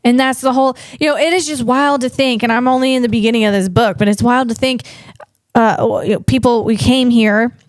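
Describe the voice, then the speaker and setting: A woman's voice: a little high, fairly even intonation, a little fast, dry recording, studio quality. A woman podcast host and comedian chatting casually, rambling and digressing with many restarts.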